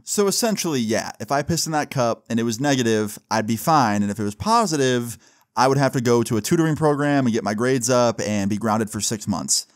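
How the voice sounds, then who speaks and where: Here a young man swears freely as he casually relates a personal story, leaning often on "like" and the tag question "right?" His voice is medium-pitched, animated, and fairly quick.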